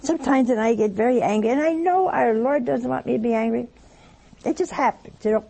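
A woman's voice: a little high, brisk, vocal fry, warm tone, slightly rough, poor audio. A woman giving a spiritual talk in a conversational, storytelling way with touches of humor. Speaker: religious speaker.

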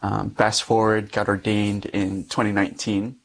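A man's voice: fairly low pitch, monotone, normal speed. A young man, a Catholic priest, earnestly telling a personal story in an interview and often laughing between sentences.

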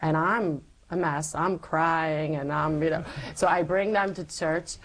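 A woman's voice: deep voice, unhurried, rough recording. A woman giving a personal faith testimony as an interview guest, telling her story animatedly and acting out past conversations. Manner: animated storyteller who acts out past dialogue.

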